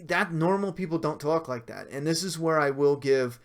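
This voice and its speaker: A man's voice: fairly high pitch, normal speed. A man hosting a casual livestream review, talking loosely with many fillers and restarts while reading out viewer comments. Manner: rambling, frequent fillers and self-corrections, laughs between points. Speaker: livestream host reviewing a TV episode.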